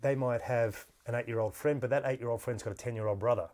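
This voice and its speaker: A man's voice: medium pitch, fast talker, darkish tone. A man hosting a podcast interview, telling stories in a chatty way with lots of restarts and easy laughter, into a podcast microphone. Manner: chatty storyteller, laughs easily, many restarts. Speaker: podcast host. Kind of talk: casual interview chat.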